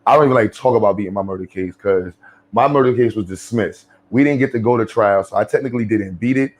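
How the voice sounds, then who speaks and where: A man's voice: fairly low pitch, quick pace. Blunt profane New York man. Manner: blunt, profane, drawling, slangy. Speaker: commentary vlogger. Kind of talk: profane casual commentary.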